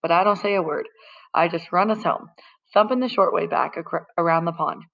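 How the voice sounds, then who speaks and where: A woman's voice: fairly low pitch, a little fast, gravelly, lo-fi sound. A woman reading a first-person novel aloud in a plain, conversational narrating voice. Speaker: audiobook reader.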